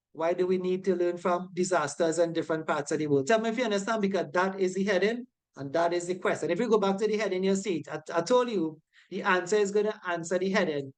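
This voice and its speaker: A woman teaches a safety course online, reviewing quiz answers with emphasis and a frequent "right?" to confirm her students understand. Her lowish, darkish voice moves briskly with few pauses.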